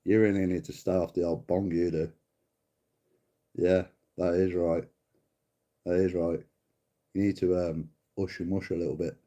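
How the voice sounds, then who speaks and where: Unhurried and pausing often, a middle-aged livestream host speaks in a low, mellow voice with little pitch movement. He casually bickers with a viewer, swearing, mocking him and calling him mate.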